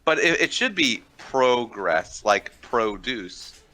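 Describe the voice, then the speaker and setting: A man's voice: mid-range voice, big pitch swings, takes it slowly, sharp tone, low-quality recording. A man joining a game session as a co-player, chatting casually and joking around. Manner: joking, playful. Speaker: co-player, guest. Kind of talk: casual gaming chat.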